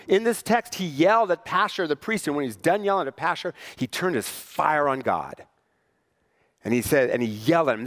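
A man's voice: fairly high pitch, fairly bright tone, big-room sound. Wry, conversational man preaching a sermon. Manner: conversational, wry humor with rhetorical questions. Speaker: pastor. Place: church sanctuary.

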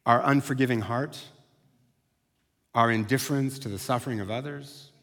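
Conversational preacher with animated asides. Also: male voice, mid-range voice. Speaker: pastor. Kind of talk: sermon. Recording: long hall reverb.

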